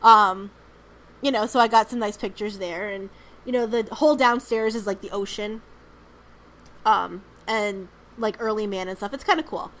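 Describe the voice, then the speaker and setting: A woman's voice: medium pitch, steady tone, normal speed, fairly bright tone, rough recording. A woman co-hosting a podcast, telling rambling stories in casual chat, with lots of "um" and "like" and free swearing. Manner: rambling storyteller, frequent "um" and "like", swears freely. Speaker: podcast co-host.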